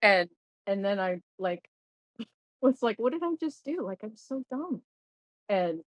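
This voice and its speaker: A woman's voice: fairly low pitch, no room sound, low-quality recording. A woman of sixty talking candidly and emotionally as an interview guest, often restarting her sentences. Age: 60s. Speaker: guest sharing her sobriety story.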